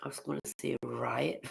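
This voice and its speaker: Livestreamer, woman from the of England: slow, gravelly, blunt and sweary as she chats with her viewers. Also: rumbling low, poor audio. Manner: blunt, swears freely, talks to chat by name. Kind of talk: casual live-stream chat with viewers.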